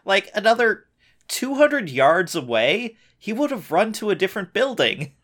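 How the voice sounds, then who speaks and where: A man's voice: high-pitched, very animated, normal speed, a bit bright. A man co-hosting a casual recap chat, riffing on the plot with sarcastic asides. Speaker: podcast co-host.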